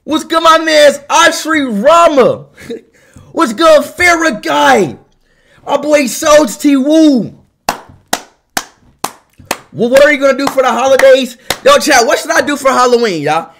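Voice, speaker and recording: A young man livestreaming, talking loudly and excitably to his chat and often shouting. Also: extremely high pitch, a little slow, creaky, long pauses, a little hiss or hum.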